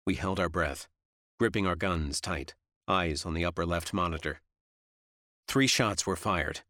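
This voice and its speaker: A man giving steady, measured first-person audiobook narration. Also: deep voice, no echo, clean studio sound.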